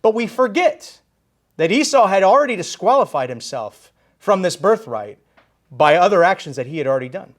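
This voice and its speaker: A man preaching a sermon in a church, animated and emphatic, stressing his key phrases. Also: high voice, normal speed. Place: church sanctuary.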